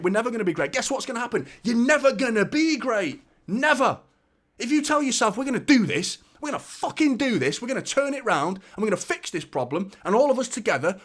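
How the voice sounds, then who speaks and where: A man hosting a football fan channel, delivering an emphatic opinion rant and repeating words for force. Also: on the high side.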